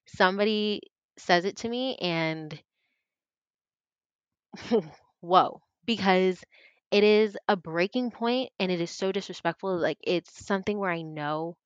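A young woman in her twenties, a podcast guest telling her story in casual chat, earnest and animated, acting out what others said. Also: mid-range voice, a little slow, pauses often, no echo, lo-fi sound. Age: 20s. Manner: earnest, animated, acts out quoted voices.

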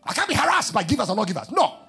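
A man preaching a fervent sermon, shouting, chanting, repeating phrases and praying in tongues. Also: high-pitched, sing-song, racing, vocal fry, breathy edge, faint music behind.

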